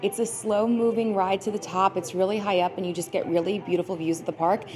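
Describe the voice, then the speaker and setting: A woman vlogging casually as she walks through a theme park and zoo, chatty and excitable, often gasping and exclaiming. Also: medium pitch, fast talker, rough recording. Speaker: travel vlogger. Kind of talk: casual vlog walk-through. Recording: outdoor ambient noise.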